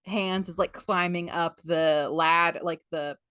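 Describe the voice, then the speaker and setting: A woman's voice: lowish voice, fairly even intonation, slow, fairly bright tone, clear, resonant tone, dry recording, clean studio sound. A woman hosting a book club podcast, retelling a story in a rambling, filler-heavy casual chat. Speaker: podcast host.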